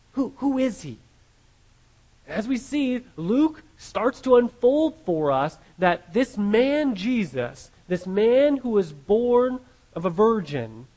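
A man's voice: high voice, a little mellow, low-quality recording. A man preaching a sermon as pastor, earnest and often repeating words as he restarts his phrases.

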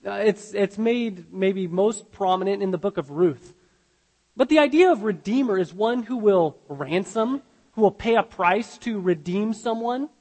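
A man delivers a sermon in an earnest, emphatic way, often stopping to restart a sentence. His voice sits high for a man. The sound rings with the long reverb of a large hall. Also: animated, a little slow, darkish tone. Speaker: pastor.

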